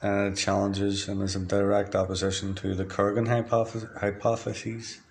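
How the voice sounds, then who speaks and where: Flat-voiced man rambling in a monologue. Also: on the low side, normal speed, a little hiss or hum. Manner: free-associating, drifts between words. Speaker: diarist.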